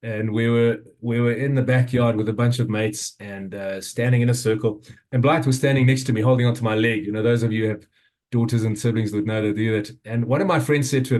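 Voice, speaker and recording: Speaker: South African man in his fifties, earnest storytelling talk, hesitant with repeated restarts, mid-pitched voice. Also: steady tone, a little mellow. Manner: earnest, halting, many restarts and fillers. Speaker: summit speaker.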